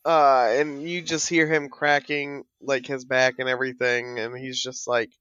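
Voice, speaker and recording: A woman's voice: rumbling low, little pitch movement, a little slow, fairly bright tone, no echo, lo-fi sound. A woman narrating as game master in a casual tabletop game, rambling and swearing freely.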